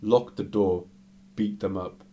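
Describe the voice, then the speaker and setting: A man casually telling a story, animated and full of fillers. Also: fairly low pitch, takes it slowly, a little hiss or hum.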